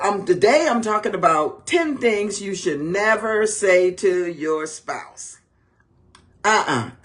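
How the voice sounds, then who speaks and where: Woman preaching to camera, emphatic, asks lots of rhetorical questions, pitch jumps all over. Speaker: marriage teacher and minister. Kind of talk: preaching-style teaching to camera.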